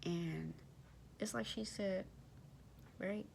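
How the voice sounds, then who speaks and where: A woman's voice: medium pitch, drawn-out words, creaky, a little mellow, a little hiss or hum. A young woman, animatedly telling a personal story in slangy casual speech and addressing her listeners directly.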